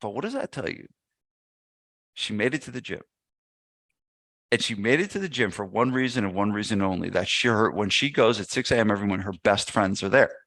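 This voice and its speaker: A man's voice: lowish voice, brisk, dry recording, studio quality. A man guesting on a podcast, telling a casual story and acting out what people said. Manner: animated anecdote teller, acts out quotes. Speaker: podcast guest, gym business owner.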